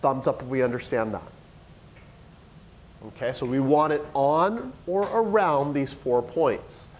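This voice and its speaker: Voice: mid-range voice, lively intonation, measured pace, rough recording. A teacher giving a classroom lesson, coaxing the students with question after question.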